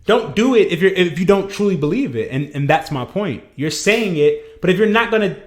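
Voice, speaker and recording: A man's voice: sits high, expressive, fairly quick. A man co-hosting a podcast, talking bluntly and challenging his partner in a heated chat. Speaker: podcast co-host. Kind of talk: heated casual conversation. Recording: roomy, echoey sound.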